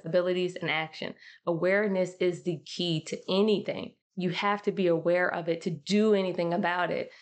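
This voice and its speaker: A woman hosting her own podcast, talking to listeners in a casual, slangy way. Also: mid-range voice. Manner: slangy, chatty, addresses listeners as y'all. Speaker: podcast host. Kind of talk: casual solo podcast monologue.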